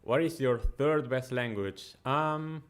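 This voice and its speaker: Excitable man doing casual match commentary. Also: mid-range voice, takes it slowly, clear, resonant tone. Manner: excitable, chatty, with frequent fillers. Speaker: host of a football watchalong.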